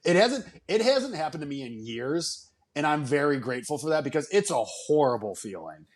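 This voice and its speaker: Teasing podcast co-host, fairly high voice. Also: male voice, big pitch swings, fairly quick. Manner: teasing, jokey banter. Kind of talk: casual sports-betting podcast chat.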